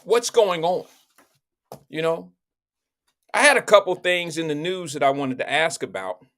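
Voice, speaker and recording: A man with a high voice hosts a live online talk show. He chats loosely with viewers, repeats his questions and speaks into his own microphone. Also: lively intonation, unhurried, a bit bright. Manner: loose, repetitive, talks straight to viewers. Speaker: livestream show host. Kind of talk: casual live-stream chat.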